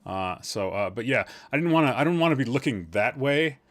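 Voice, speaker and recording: A man's voice: medium pitch, lively intonation, brisk, fairly bright tone. A man hosting a live-streamed podcast from a room at home, chatting casually, rambling and teasing his chat with jokes.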